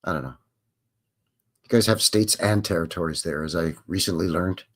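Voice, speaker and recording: A man's voice: low-pitched, normal speed. A man with a Canadian accent hosting a livestream Q&A in a loose, joking, meandering way. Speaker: livestream host. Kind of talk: casual rambling livestream chat.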